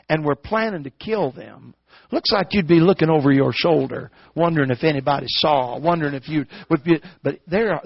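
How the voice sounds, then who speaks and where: A preacher delivers a folksy, story-driven sermon, his voice pitched high and climbing into shouts as he presses a point. The recording is dry and slightly muffled. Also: no room sound.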